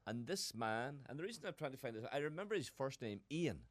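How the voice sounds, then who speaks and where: A man's voice: mid-range voice, expressive, no echo, natural voice. A man playing a bumbling, hesitant middle-aged caller in a radio comedy sketch, stammering and losing his words. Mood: earnest. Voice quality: stammering, halting.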